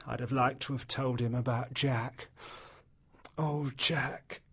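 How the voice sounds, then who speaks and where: A man's voice: mid-range voice, steady tone, takes it slowly, a bit bright, husky, heavily acted. A man voicing a lonely, bored planter's wife, a former actress who chatters to herself full of regret. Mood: wistful, regretful. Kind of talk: audiobook character voice.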